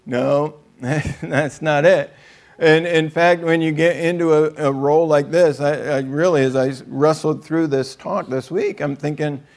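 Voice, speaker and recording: A man's voice: on the high side, steady tone, unhurried. A man preaching a conversational sermon, joking with the room and acting out quotes in other voices. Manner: joking, chatty, acts out quotes.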